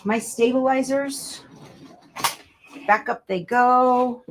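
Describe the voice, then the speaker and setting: A woman's voice: high voice, fairly even intonation, slow, background noise. Chatty woman tidying up. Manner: chatty, talks to herself and viewers. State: out of breath at times. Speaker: quilting show host. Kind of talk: casual chat while tidying. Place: craft room at home. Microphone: earbuds.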